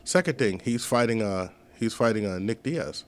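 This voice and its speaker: Animated man telling profane stories. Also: on the low side, normal speed. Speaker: guest. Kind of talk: casual podcast chat.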